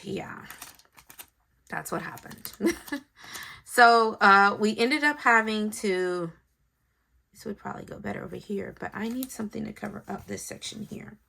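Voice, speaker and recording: A woman's voice: mid-range voice, measured pace, vocal fry, long pauses, bright, forceful tone. A woman, chatting to viewers while decorating a planner and telling a family story. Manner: chatty storytelling, talks to viewers, thinks aloud. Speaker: planner vlogger and mother. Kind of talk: casual chat while decorating.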